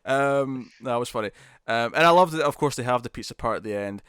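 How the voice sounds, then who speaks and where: A man's voice: mid-range voice, clean tone, dry recording, clean studio sound. A man co-hosting a TV podcast, chatting casually and animatedly, laughing as he retells scenes. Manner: animated, laughing, quick retelling with acted quotes. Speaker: podcast co-host. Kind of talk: casual chat about TV episodes.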